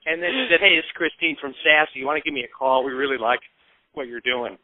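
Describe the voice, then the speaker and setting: Speaking quickly in a mid-range voice, a Midwestern man in his fifties from Peoria, Illinois, shares laid-back stories as a guest in an interview. He acts out the people he quotes and curses now and then; the audio is dry, tinny, and phone-like with no echo.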